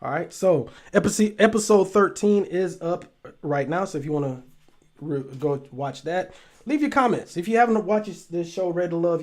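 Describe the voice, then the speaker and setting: Animated slow-talking man host. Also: a little high. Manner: animated, laughs often, repeats phrases, swears freely. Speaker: show host. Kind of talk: casual solo talk show monologue.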